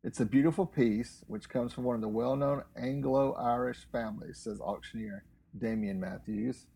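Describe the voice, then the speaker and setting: A man's voice: mid-range voice, normal speed, vocal fry, warm tone, slightly rough, low-quality recording. A man co-hosting a casual talk show, reading news articles aloud in a dry, matter-of-fact way with offhand asides. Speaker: co-host reading news stories.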